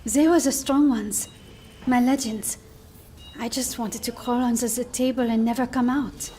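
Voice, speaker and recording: A woman playing a high, soft-spoken shy young woman. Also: steady tone, moderate pace, slight background noise, natural voice. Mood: earnest. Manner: soft, hesitant, earnest. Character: kind, shy young woman, gentle helper. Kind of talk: video game cinematic acting.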